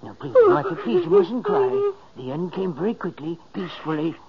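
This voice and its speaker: An actor playing a man who gently comforts a grieving housekeeper in a 1940s radio drama. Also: very high voice, huge pitch swings, normal speed, creaky, highs cut off, a loud crowd, full character voice. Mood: comforting. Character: anxious younger male relative. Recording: scratchy 1940s radio recording with loud hiss.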